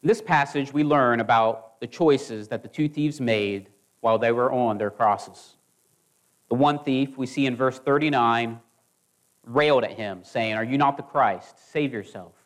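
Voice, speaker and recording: A man preaching a sermon in a measured, earnest way, now and then restarting a phrase. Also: mid-range voice.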